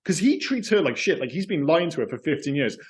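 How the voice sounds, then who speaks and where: A man's voice: on the high side, fast talker. A man co-hosting a film podcast, talking enthusiastically in casual chat, swearing freely and acting out lines. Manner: enthusiastic, swearing, animated storytelling. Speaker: podcast co-host.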